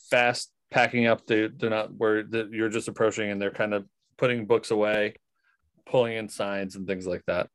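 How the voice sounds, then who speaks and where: A man narrating as game master of a tabletop game, relaxed with many fillers. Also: medium pitch, dry recording.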